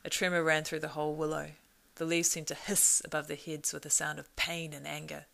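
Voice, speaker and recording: With a low, steadily raspy voice, this woman narrates a storybook in a measured yet expressive style, as an audiobook reader would.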